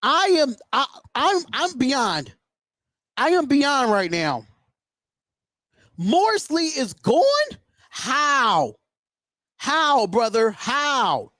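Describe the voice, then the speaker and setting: A high-pitched man hosting a live sports call-in show, worked up and indignant, hammering the same points again and again. The sound is dry and close, with no room around it. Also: big pitch swings, extremely slow, long pauses, bright, forceful tone, no echo. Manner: indignant, emphatic, repeats himself. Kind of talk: sports talk livestream rant.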